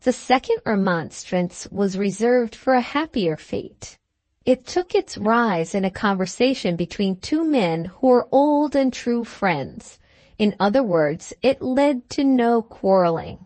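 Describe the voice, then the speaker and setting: A woman narrating a classic short story in a measured, expressive way. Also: mid-range voice, no room sound. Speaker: audiobook narrator.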